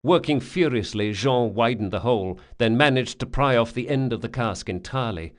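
A man narrating a fantasy audiobook at a mid pitch for a man. His delivery is steady and measured as he lays out the action. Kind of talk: scripted narration.

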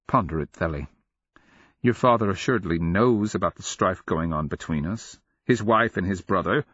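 Man doing impassioned anxious empress mother, higher voice, husky, dull lo-fi audiobook sound. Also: lively intonation, normal speed, fairly bright tone, no echo, heavily acted. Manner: impassioned, breaking into outbursts. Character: anxious, volatile empress mother, middle-aged woman.

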